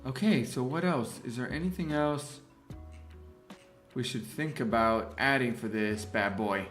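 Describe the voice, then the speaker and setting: A man's voice: medium pitch, unhurried, fairly bright tone, echoey room, soft background music. A man hosting a casual design livestream, thinking aloud as he works and greeting the people in the chat. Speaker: livestream host and graphic designer.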